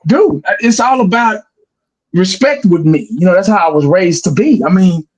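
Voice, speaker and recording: Animated, high-voiced man in his forties. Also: moderate pace, poor audio. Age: 40s. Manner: animated, rambling, acts out quoted people. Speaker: YouTube football fan commentator. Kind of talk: casual podcast chat.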